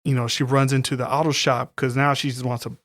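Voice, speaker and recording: A man's voice: mid-range voice, fast talker, no room sound, clean studio sound. A man co-hosting a podcast, recapping a horror movie in casual, profane chat. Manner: profane, animated storytelling with acted-out quotes. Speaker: podcast co-host.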